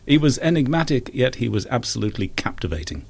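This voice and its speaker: A man's voice: mid-range voice, quick pace, gravelly, breathy edge. A man, a guest on a radio show, reminiscing casually about old films. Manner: reminiscing, animated.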